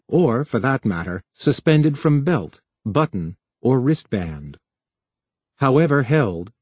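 Lively male audiobook narrator. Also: mid-range voice, dry recording. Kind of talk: scripted narration.

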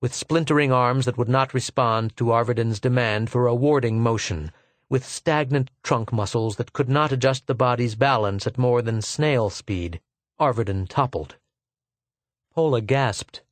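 A man narrating a science fiction novel in a measured, unhurried way. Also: medium pitch, no room sound. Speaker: audiobook narrator. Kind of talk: scripted narration.

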